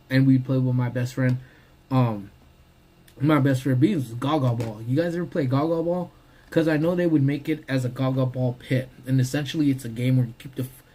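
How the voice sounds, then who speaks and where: A man's voice: medium pitch, warm tone, husky. Laid-back man chatting on a live stream. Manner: laid-back, slangy, greets viewers by name. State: talking while eating. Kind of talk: casual live-stream chat. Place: parked car.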